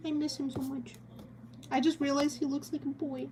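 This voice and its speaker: A woman's voice: high-pitched, flat delivery, normal speed, mellow, a little hiss or hum. A young woman streaming as she draws, chatting casually with a giggly, rambling manner. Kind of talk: casual chat while drawing on stream.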